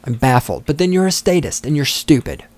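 A man's voice: on the high side, sing-song, brisk, a little mellow. A man delivering heated, sarcastic, profane commentary as a political commentator. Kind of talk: ranting commentary.

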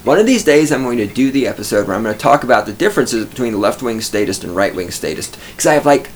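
A man's voice: mid-range voice, lively intonation, quick pace, slight background noise. Profane ranting man from Texas. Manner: profane, scornful storytelling. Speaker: podcast host. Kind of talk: ranting monologue.

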